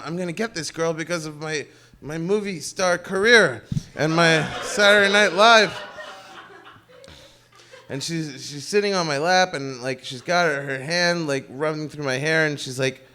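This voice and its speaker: A man's voice: a little high, sharp tone, a little hiss or hum. A man telling a rambling, self-mocking comic story on stage before a live audience.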